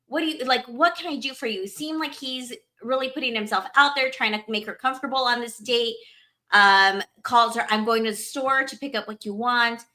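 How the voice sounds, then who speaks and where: Bright, high-voiced woman podcast host. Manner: animated, laughs often. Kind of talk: casual podcast chat.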